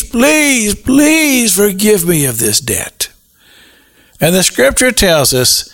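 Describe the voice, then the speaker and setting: Slow, gravelly radio preacher man. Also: medium pitch, fairly bright tone. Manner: slow and emphatic, rising to fervent peaks. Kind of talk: sermon.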